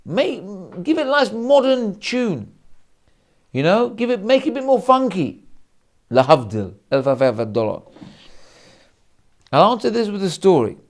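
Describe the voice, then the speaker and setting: A rabbi preaches in a high, lively voice that rises and falls constantly. He tells stories with restarts and short asides. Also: normal speed. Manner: animated, acts out quotes, many restarts. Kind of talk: sermon storytelling.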